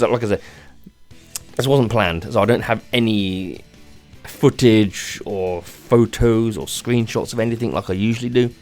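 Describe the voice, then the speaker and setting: Tired man, rambling low-voiced rant. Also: a little mellow. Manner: rambling and halting, many restarts, swearing. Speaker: gaming channel host. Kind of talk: unscripted rant vlog.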